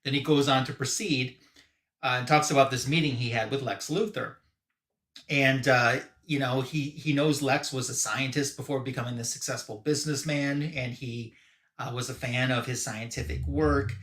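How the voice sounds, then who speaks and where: A man's voice: medium pitch, fairly even intonation, moderate pace, a bit bright. Man casually recapping a comic, roomy sound. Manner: rambling, filler-heavy retelling. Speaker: podcast host. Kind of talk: casual live-show story recap.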